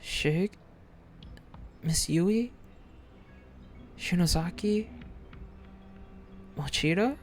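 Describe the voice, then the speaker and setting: Play a frightened student lost in a haunted school, pleading with unseen friends in a slow, jittery voice at a middle pitch, and let the nerves rise as the questions go unanswered, as a streamer reading the lines aloud. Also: lively intonation, a little mellow, slight background noise. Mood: nervous. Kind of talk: reading a visual novel aloud in character.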